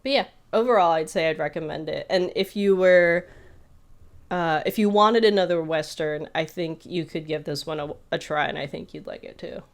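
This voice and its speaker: A woman's voice: sits low, moderate pace. A woman co-hosting a podcast, telling a story in a rambling, casual way with lots of fillers. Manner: rambling with many fillers, animated retelling. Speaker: podcast co-host.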